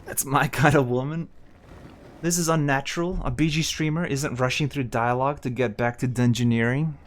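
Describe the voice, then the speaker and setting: A man's voice: mid-range voice, fairly even intonation, moderate pace. A man streaming a fantasy role-playing game, making wry, joking asides to his chat between stretches of dialogue. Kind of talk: casual gameplay commentary.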